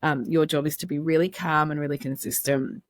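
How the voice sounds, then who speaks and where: A woman co-hosting a parenting podcast, chatting warmly and giving practical advice with easy laughs. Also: sits low, fairly even intonation, fairly quick, dry recording, clean studio sound. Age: adult parent. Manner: chatty, laughs easily, friendly reassurance. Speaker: podcast co-host and infant sleep practitioner. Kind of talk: casual advice chat.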